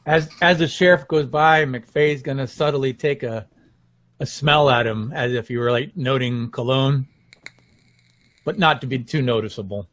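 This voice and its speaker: Guy at a game table, matter-of-fact, middle pitch. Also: normal speed, a bit bright.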